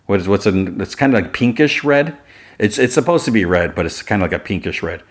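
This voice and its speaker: A man's voice: on the low side, lively intonation, brisk. A man podcast host casually recapping a cartoon episode, rambling with lots of filler words.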